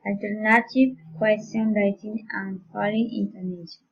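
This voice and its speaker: A woman slowly reading intonation practice sentences aloud, one by one, with their labels. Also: creaky, slightly rough. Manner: slow, careful reading of drill sentences with labels. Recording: muffled low-fidelity recording.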